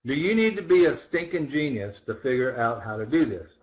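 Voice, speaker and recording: A man's voice: mid-range voice, very animated, brisk, rough recording. A man teaching a trading seminar, walking through charts with rhetorical questions and repeated phrases. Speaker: trading instructor. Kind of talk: live seminar chart walkthrough.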